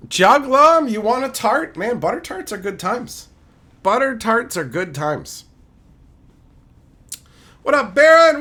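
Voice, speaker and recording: A man's voice: fairly high pitch, very animated, a little slow, bright, forceful tone. A man streaming live, ranting casually with lots of swearing, mocking jabs and laughter. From Canada.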